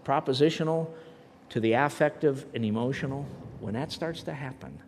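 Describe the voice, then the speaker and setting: A middle-aged man teaching a theology class, lively and emphatic, swinging between quiet and loud. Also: mid-range voice, slight background noise. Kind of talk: animated classroom lecture and prayer. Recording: long reverb in a hall.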